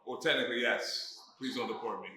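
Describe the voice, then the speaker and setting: A man, a comedian from Miami, telling a story in a casual interview, animated and swearing, acting out what people said. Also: mid-range voice, fairly quick. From Miami, Florida. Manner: animated, swearing, acts out quotes. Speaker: comedian guest. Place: brewery after a comedy show. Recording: echoey bar with crowd noise. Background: crowd chatter.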